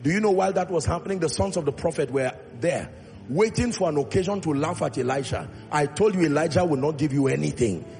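A man's voice: fairly high pitch, lively intonation, quick pace, vocal fry, a little mellow. A male pastor preaching a sermon with emphatic delivery, acting out Bible dialogue in his own voice. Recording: long reverb in a large hall, faint music.

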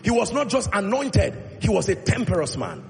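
Preaching man, gravelly, hall echo. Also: high voice, sing-song, moderate pace, darkish tone, a little hiss or hum. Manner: emphatic preaching, acting out Bible dialogue. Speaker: pastor. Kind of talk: sermon. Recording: long reverb in a large hall, faint music.

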